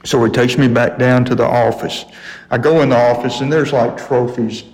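A man's voice: medium pitch, steady tone, moderate pace, a little mellow, long reverb tail, low-quality recording. An older man telling a story on a radio talk show, folksy and chuckling often.

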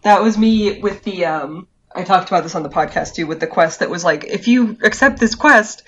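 A woman's voice: on the low side, brisk, breathy edge. A woman co-hosting a podcast, bluntly complaining in casual chat with many hesitant fillers. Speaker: podcast co-host.

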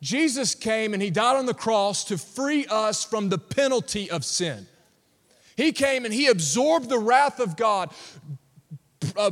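Preacher, male, very high voice, emphatic delivery, church hall reverb. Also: fairly bright tone. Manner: emphatic, call-and-response with congregation. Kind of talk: sermon. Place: church sanctuary. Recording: long reverb of a large hall.

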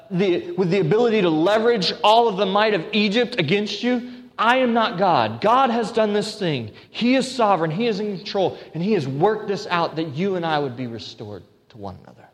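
A man preaching a sermon as pastor, earnest, with restarts and emphatic repetition. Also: high-pitched. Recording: long hall reverb.

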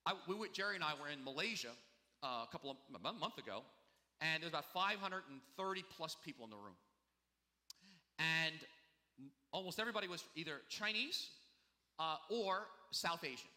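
Guy pastor preaching casual and chatty, really bright sharp voice, long echo in a big church. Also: on the high side, expressive, brisk, long pauses. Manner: conversational and confessional, many asides. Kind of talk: sermon.

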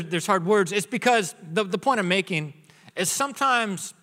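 A man in his thirties delivers a humorous sermon from the stage of a church auditorium. His voice sits a little high and rings bright, and it carries a long hall reverb. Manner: joking storyteller, acts out his son's voice. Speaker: pastor.

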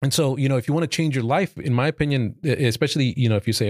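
A man's voice: mid-range voice, lively intonation, racing, darkish tone, dry recording, clean studio sound. A man hosting a casual group podcast chat, talkative and swearing easily. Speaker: podcast host.

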